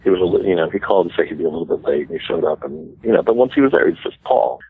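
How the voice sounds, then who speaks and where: American guest in his 60s, deep husky voice, dry phone-line sound, rambling anecdotes. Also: expressive, rapid-fire. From United States. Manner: chatty, self-deprecating, laughs easily. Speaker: guest musician. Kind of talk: casual storytelling interview.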